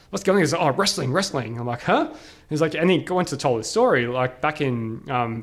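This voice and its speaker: Speaking in a mid-range voice, an Australian man guesting on a podcast relates something that happened while traveling. It's animated and casual, with plenty of "like" and quick voiced-out quotes.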